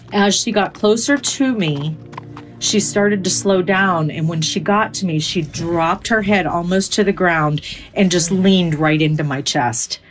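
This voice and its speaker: Emotional woman recounting a personal story. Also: on the low side. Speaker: interviewee. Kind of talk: personal story told in interview.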